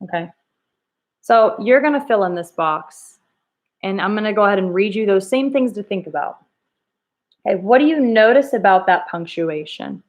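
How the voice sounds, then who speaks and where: A woman's voice: medium pitch, lively intonation, moderate pace, highs cut off. A woman teacher leading a reading lesson, thinking aloud and coaxing students with questions. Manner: thinks aloud, rereads lines in different tones.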